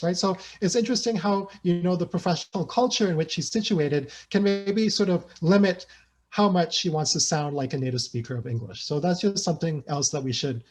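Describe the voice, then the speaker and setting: A man gives an academic talk over a video call. His voice sits a little high, and he keeps checking in with his listeners with "right?" and "you know" as he goes. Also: a little mellow. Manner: reads interview excerpts aloud. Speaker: academic speaker.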